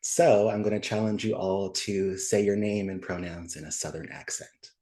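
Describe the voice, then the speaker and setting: A man hosting a book club over a video call, relaxed and upbeat, laughing easily. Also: fairly low pitch, normal speed. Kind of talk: casual chat on a video call.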